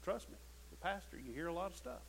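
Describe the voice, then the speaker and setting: Male pastor, high voice, impassioned sermon delivery that swings loud to hushed, repeats words when starting a phrase. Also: very animated, fast, vocal fry, slight background noise, poor audio.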